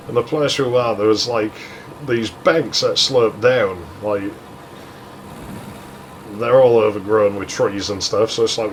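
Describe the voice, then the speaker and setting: A man's voice: lowish voice, fairly even intonation, measured pace, slight background noise, poor audio. A young man casually telling a crude story over gameplay, rambling and swearing freely. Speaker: gaming channel host.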